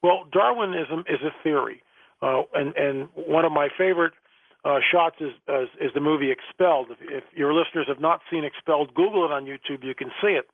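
A man's voice: fairly high pitch, a little fast, no echo. A male guest author in a radio interview, talking emphatically and often repeating words, over a phone line.

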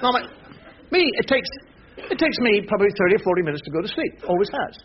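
An older man tells stand-up stories in a high, lively voice, slipping into his parents' voices with exasperated bursts. The recording is dull and lo-fi. A loud audience and noise sit behind him. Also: fast talker, crowd noise. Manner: animated, acts out parents' voices, exasperated rants. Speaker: stand-up comedian. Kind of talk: stand-up storytelling. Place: theatre stage with audience.

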